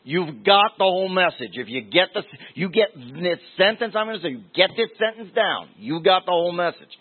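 A man with a fairly high voice preaches a sermon in a loose, conversational way, circling back and repeating his key phrases to drive them home. The sound is thin and tinny, as if it came through a phone line. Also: lively intonation, a little fast, breathy edge.

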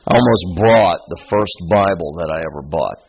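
A man preaching a verse-by-verse sermon, his voice husky and a little rough. He talks casually, wanders off on side stories, and leans hard on words as he quotes the text. The recording is dull and lo-fi. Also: low-pitched, normal speed. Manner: conversational, digressive, quotes scripture with emphasis. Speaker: pastor. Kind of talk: expository sermon.

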